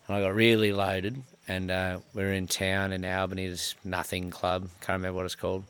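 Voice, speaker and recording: A man's voice: deep voice, fairly quick, clear, resonant tone. Profane Australian man in his thirties. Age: 30s. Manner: profane, self-mocking, animated storyteller. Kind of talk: casual storytelling.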